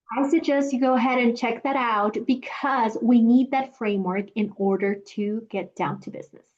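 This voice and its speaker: A woman teaching a scripted language lesson, speaking slowly and carefully when she demonstrates phrases. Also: on the high side, a little mellow, muffled recording. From Mexico. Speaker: Spanish teacher.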